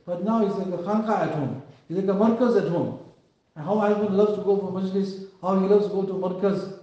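A man's voice: sits high, a little fast, dark tone. A man giving an earnest sermon, telling a story and acting out the quotes. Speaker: preacher. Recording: distant, echoey, dull.

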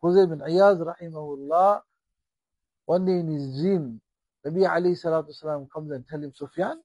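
A man preaching a sermon with a husky voice, impassioned, rising and falling in volume and acting out the dialogue he tells. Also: on the high side, brisk, a little mellow, no room sound, muffled recording.

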